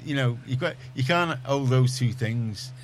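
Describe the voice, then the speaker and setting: A man's voice: medium pitch, measured pace, a little hiss or hum. A middle-aged man, chatting on a radio panel in a rambling, storytelling way full of restarts. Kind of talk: casual radio discussion.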